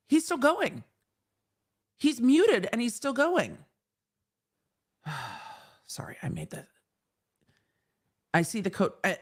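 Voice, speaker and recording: A woman lawyer giving live-stream commentary on a trial, blunt and exasperated, swearing freely. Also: fairly low pitch.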